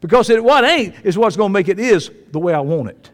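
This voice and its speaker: A man preaching a sermon, emphatic and folksy, swinging from loud declarations to low asides. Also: lively intonation, a little fast, big-room sound.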